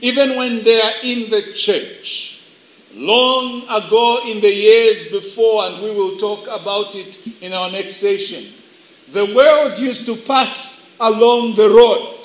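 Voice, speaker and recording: A high-pitched man delivers a sermon to young people at a slow, deliberate pace. He acts out characters as he tells his stories. The sound carries in an echoey hall. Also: fairly bright tone. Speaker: preacher. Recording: echoey room.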